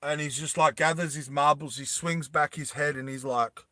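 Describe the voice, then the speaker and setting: A young man casually recapping a movie plot, animated, laughing often and acting out the scenes. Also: fairly high pitch, normal speed, no room sound, clean studio sound. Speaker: storytelling vlogger.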